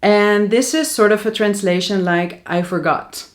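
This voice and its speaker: Dutch woman slowly explaining grammar. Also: mid-range voice. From Netherlands. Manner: patient, methodical explanation with Dutch example sentences. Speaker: Dutch teacher.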